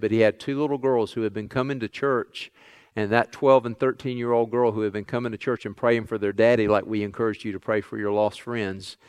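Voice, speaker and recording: Earnest pastor, smooth voice. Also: male voice, lowish voice, no room sound. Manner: storytelling, earnest, retelling others' words. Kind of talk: sermon.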